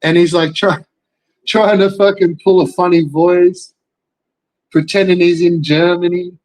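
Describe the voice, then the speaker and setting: A man's voice: high voice, flat delivery, measured pace, a little mellow, dry recording, rough recording. An Australian man, a young adult, ranting in casual commentary, swearing constantly and rambling through rhetorical questions. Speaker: commentary streamer.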